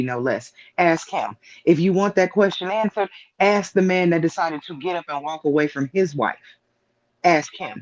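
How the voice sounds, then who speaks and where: Man, live-stream guest, high voice, emphatic, rhetorical questions, dull lo-fi sound. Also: a little mellow, dry recording. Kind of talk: casual opinion talk.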